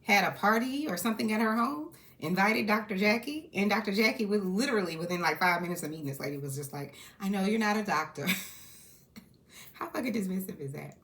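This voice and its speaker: A woman's voice: medium pitch, fairly quick. Woman, reality-TV recap host, casual and outspoken, sassy delivery, mid-range voice. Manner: candid, sassy, animated asides with laughs. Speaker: reality TV commentator. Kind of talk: casual reaction commentary.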